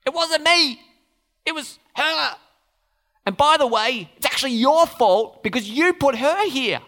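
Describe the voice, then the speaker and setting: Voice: high-pitched, animated, a little slow, fairly bright tone, pitched above the performer's own voice, exaggerated voice. A preacher voicing the first man of the Bible story as he indignantly pushes the blame onto others, heard in a long-echoing hall. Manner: whiny, indignant, blaming.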